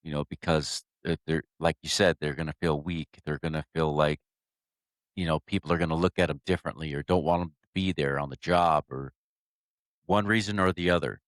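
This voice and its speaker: A man's voice: a bass voice, steady tone, a little fast, dry recording, clean studio sound. A man hosting a podcast interview, speaking earnestly and sympathetically to his guest. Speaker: podcast host. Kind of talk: interview conversation.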